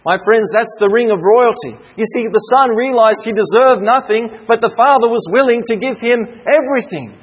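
A man delivers a sermon in a high, husky voice. He preaches earnestly, stressing key words and building through repetition. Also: normal speed, few pauses, poor audio.

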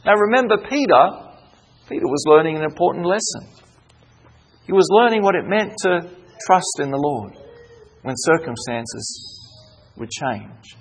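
A man preaching an evening sermon, who swings from emphatic calls to hushed, soft pleading. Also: fairly high pitch, lively intonation, measured pace, long pauses, a little hiss or hum, low-quality recording.

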